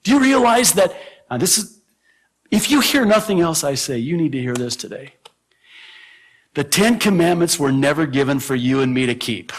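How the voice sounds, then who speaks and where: A man pastor teaching a verse-by-verse Bible sermon, animated, with sudden emphatic rises and chuckles at his own asides. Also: fairly high pitch, normal speed.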